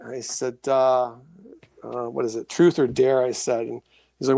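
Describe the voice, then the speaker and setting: Gravelly man telling a story. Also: mid-range voice, normal speed, dry recording. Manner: animated storyteller, acts out voices and sounds. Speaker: guest, author and paranormal experiencer. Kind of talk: storytelling in a casual interview.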